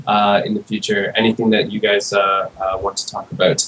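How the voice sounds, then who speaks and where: A man's voice: lowish voice, little pitch movement, fairly quick, fairly bright tone, slight background noise, rough recording. A man co-hosting a casual show, dropping wisecracks and laughing asides. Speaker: co-host. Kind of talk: casual chat.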